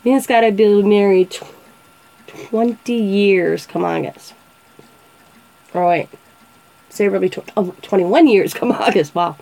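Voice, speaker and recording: With a mid-range, dark voice, vocal fry and long pauses, this woman in her forties speaks at a measured pace. She hosts a casual show, chatty and laughing often, acting out quoted voices as she tells funny family stories. The audio quality is poor.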